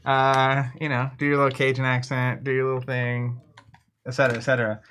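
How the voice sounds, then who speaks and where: A man's voice: medium pitch, little pitch movement, fairly quick, a bit bright, slight background noise. A man co-hosting a casual tabletop game stream, chatting and speculating at length. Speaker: co-host. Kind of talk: casual chat.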